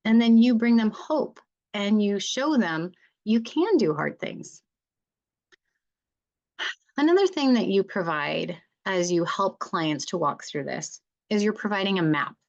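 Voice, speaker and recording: A woman's voice: mid-range voice, animated, measured pace, creaky, highs cut off. A woman mediator giving an earnest, encouraging conference talk to fellow mediators, often checking in with "right?".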